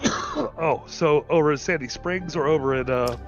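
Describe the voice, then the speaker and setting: A man's voice: on the high side, moderate pace, dull audio. A man with a Southern American accent, a guest on a casual gaming stream, rambling and stammering with jokes. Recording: faint background music.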